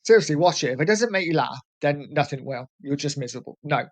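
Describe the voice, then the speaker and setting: A man's voice: fairly high pitch, expressive, quick pace. A man in his forties from England, hosting a fan channel and talking candidly and earnestly to his viewers, often repeating "listen". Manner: earnest, heartfelt and repetitive, often saying "listen". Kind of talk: candid vlog talk.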